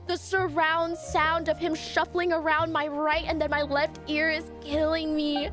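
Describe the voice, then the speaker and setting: Excitable woman gamer, squeaky high pitch, drawn-out delivery, shrieky reactions over game music. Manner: excitable, shrieking and laughing at the screen. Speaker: streamer. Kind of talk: live gameplay stream commentary. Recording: game music playing behind. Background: game soundtrack.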